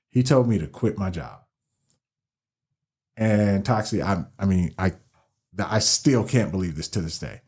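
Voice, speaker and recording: A middle-aged man telling his story as a podcast guest, animated and laughing often, with many restarts. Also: low voice, a little slow, pauses often. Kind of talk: casual storytelling interview.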